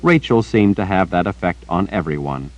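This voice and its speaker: Deep-voiced male audiobook narrator. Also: expressive, normal speed, dry recording, lo-fi sound. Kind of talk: scripted narration.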